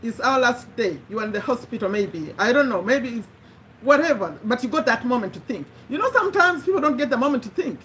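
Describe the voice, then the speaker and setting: A woman's voice: a little high, lively intonation, a little fast, fairly bright tone, a little hiss or hum, low-quality recording. A woman giving an earnest, conversational motivational talk, repeating her key phrases for emphasis. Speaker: motivational speaker.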